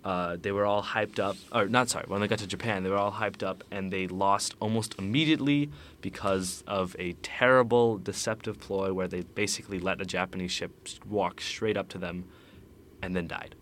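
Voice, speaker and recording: A man's voice: sits low, steady tone, moderate pace, fairly bright tone, slight background noise. A young man co-hosting a podcast, rambling through a history story with dry, sarcastic humor and many "like"s. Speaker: podcast co-host. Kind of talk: casual chat.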